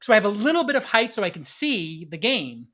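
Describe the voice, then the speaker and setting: A man hosting a podcast, telling blunt, animated anecdotes in casual chat and acting out the back-and-forth. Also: high-pitched, fairly quick. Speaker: podcast host.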